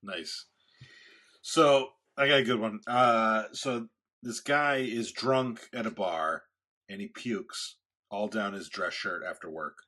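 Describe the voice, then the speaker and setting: A man's voice: fairly low pitch, slow pace, bright, forceful tone. A man co-hosting a podcast in casual chat, telling rambling stories and jokes with many restarts. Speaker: podcast co-host.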